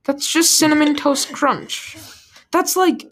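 A woman's voice: sits high, takes it slowly, fairly bright tone. A woman playing a casual guessing game as the contestant, joking and laughing as she talks. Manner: playful, jokey, laughs often.

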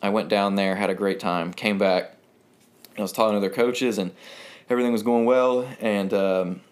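A young man with a deep, low voice tells a story in an easygoing, rambling way. He is from North Carolina and fills his sentences with "like" and "um", laughing now and then as he talks. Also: steady tone, normal speed, clear, resonant tone. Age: 20s. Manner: rambling, lots of fillers and laughs. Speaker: guest. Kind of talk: casual storytelling.

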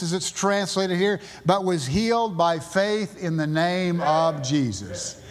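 A male pastor with a Southern US accent, preaching a sermon and driving his points home with emphatic high bursts. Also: expressive, slow pace. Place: church sanctuary. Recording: long church reverb.

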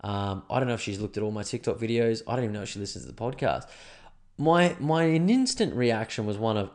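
A man's voice: medium pitch, lively intonation, fast, a little mellow. A man hosting a casual solo podcast, rambling and crude, with lots of swearing and self-deprecating asides. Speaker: podcast host.

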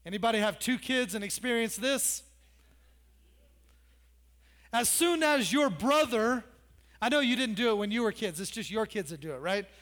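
A pastor with a strikingly high voice preaches in a loose, conversational style. He drops joking asides and teases his congregation between points. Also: fast talker, few pauses, fairly bright tone. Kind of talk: sermon.

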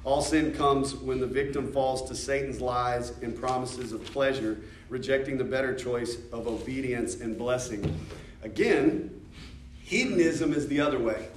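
Speaking at an unhurried pace in a medium-pitched voice, an American man runs a church discipleship class conversationally, asking questions, cracking jokes, and laughing. The distant recording sounds echoey and carries a little hiss or hum.

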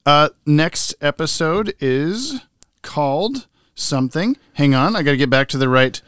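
A man's voice: fairly high pitch, lively intonation, measured pace, fairly bright tone, clear, resonant tone, dry recording, clean studio sound. Joking man co-hosting a casual podcast. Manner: joking, laughs often, teasing. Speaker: podcast co-host.

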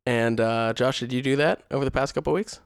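A young man co-hosting a podcast in casual chat, relaxed and rambling, with many fillers and restarts. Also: medium pitch, fairly quick, clean tone, dry recording, clean studio sound. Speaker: podcast co-host.

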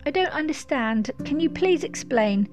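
A woman's voice: sits high, animated, normal speed, music in the background, pitched above the performer's own voice. Woman voicing a bewildered pleading boy. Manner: pleading, tumbling questions. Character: anxious young boy, bewildered orphan.

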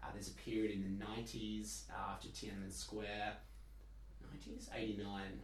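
A man's voice: on the low side, level tone, moderate pace. A young Australian man, a podcast guest, explaining things thoughtfully with a wry edge. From Perth, Australia. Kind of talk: casual podcast chat. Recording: echoey room, light hiss.

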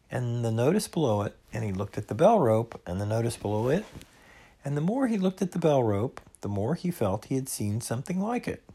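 A man reading a children's storybook aloud, slow and expressive. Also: mid-range voice, husky. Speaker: reader.

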